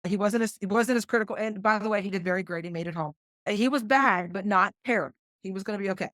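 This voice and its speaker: A middle-aged woman with a West Virginia accent, a combat flight nurse telling a story as a podcast guest, animated and acting out what others said. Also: mid-range voice, fast talker, dry recording, clean studio sound. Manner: animated, quotes others in lively voices. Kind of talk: conversational storytelling.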